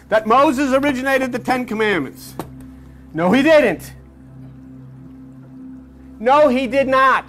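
A man delivering an impassioned, mocking monologue, breaking into snatches of song and imitating other people. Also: sits high. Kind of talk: animated monologue.

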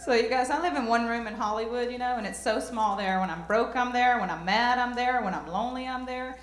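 A woman's voice: a little high, a little fast. Southern woman doing stand-up, echoey club. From Southern US countryside. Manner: drawling, self-mocking, breaks into shouted rap bits. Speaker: stand-up comedian. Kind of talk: stand-up comedy set. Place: comedy club stage.

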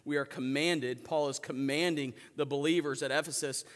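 A man preaching in a church sanctuary, his fairly high voice ringing out with a long reverb tail. He calls on the congregation to answer back, and he moves between loud emphatic peaks and quiet, low asides. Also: fairly even intonation, normal speed. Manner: preaches with call-and-response to the congregation. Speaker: pastor. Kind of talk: sermon.

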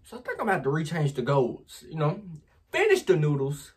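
A man chatting casually to his viewers in a vlog, recorded on a phone camera. His voice is husky and his pitch jumps up and down a lot as he exclaims and speaks straight to the audience. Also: wildly swooping pitch, a little fast. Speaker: vlogger.

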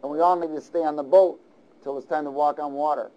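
A male pastor preaching a sermon in a lively, conversational way, often asking the audience questions. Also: fairly high pitch, fast, highs cut off.

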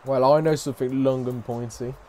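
A man commentating a game, loud and mocking, swearing and taunting characters. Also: medium pitch, fairly even intonation, a little fast, a little hiss or hum. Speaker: gaming YouTuber. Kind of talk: let's play commentary. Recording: game music faint behind.

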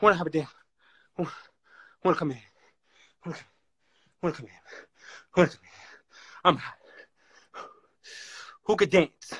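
A man talking to viewers on a live stream, loud and excitable, hyping up a dance battle. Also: on the high side, normal speed, long pauses, breathy edge, dry recording. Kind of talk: casual live-stream chat. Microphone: phone mic on a live stream.

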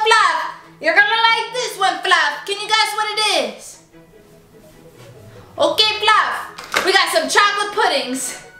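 A woman vlogger unboxing toys in a casual, gushing and excitable way, chatting to her stuffed animals as she goes. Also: high-pitched. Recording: echoey room with faint music.

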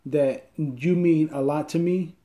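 A man talks with heartfelt sincerity, stopping and restarting as he searches for words. His voice is mellow and warm, sitting a little high for a man. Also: fairly even intonation, a little hiss or hum. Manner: earnest, halting, heartfelt. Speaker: interviewer. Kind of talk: casual chat.

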